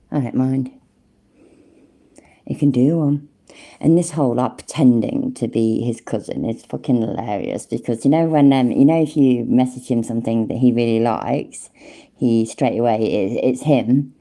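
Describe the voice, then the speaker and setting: A woman's voice: extremely low pitch, gravelly, warm tone. A woman giving mocking reaction commentary over a stream, sarcastic and taunting, swearing freely.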